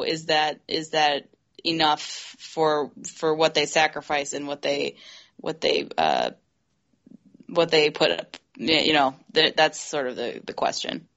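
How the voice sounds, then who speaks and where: A woman co-hosting a casual discussion, pausing often to search for her words. Her voice is very low, yet its tone is bright. The recording sounds dull and lo-fi. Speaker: podcast co-host.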